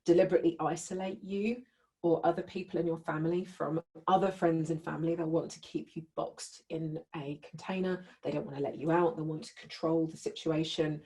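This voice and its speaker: Woman workshop leader with a low, warm voice; conversational and keeps checking in with the group. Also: fairly even intonation, fairly quick. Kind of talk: teaching a live group.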